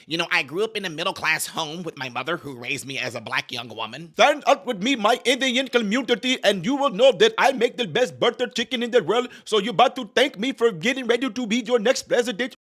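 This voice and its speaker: Mocking impression of a cackling woman politician, done by a man, pitched up and very bright. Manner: exaggerated, sing-song parody voice.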